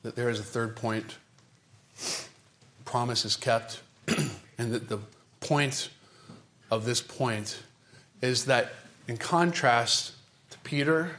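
A man's voice: mid-range voice, slow, pauses often. A man, a pastor, preaching a sermon with dramatic emphasis, repeating phrases and asking the congregation rhetorical questions. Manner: dramatic, emphatic delivery with repetition and sudden shifts in pace and loudness.

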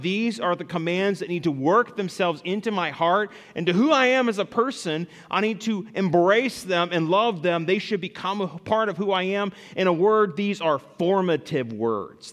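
A male pastor preaching a sermon, animated, rising loud for emphasis and dropping low to read scripture. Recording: long reverb in a large hall.

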